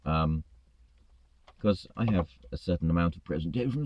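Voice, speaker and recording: A man's voice: sits low, lively intonation, moderate pace, darkish tone. A man, a truck driver, ranting in a vlog, exasperated and swearing freely.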